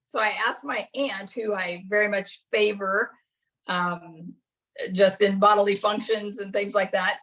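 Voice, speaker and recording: A woman's voice: medium pitch, steady tone, a little slow, fairly bright tone. A middle-aged woman giving a casual class talk, chatty and anecdotal, often laughing as she tells her own story. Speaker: class presenter.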